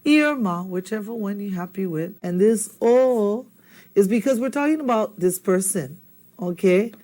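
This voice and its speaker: A woman teaching a language lesson, lively and often checking in with learners through questions. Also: mid-range voice, normal speed. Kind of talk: language lesson with story dialogue.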